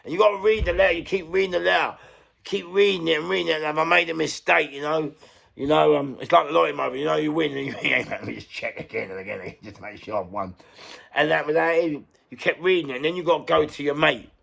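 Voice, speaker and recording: A man's voice: a little high, fast talker, vocal fry, fairly bright tone. A middle-aged man with a London accent, an interview guest who tells his story in a rambling, candid way, repeating himself, searching for words and swearing freely. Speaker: interview guest, former prisoner.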